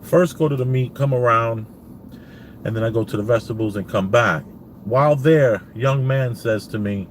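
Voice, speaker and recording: A man's voice: medium pitch, moderate pace, a little hiss or hum. Rambling man telling a story in a car. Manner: rambling, retells dialogue with many "I says" asides. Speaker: vlogger. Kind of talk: casual storytelling monologue. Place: parked car.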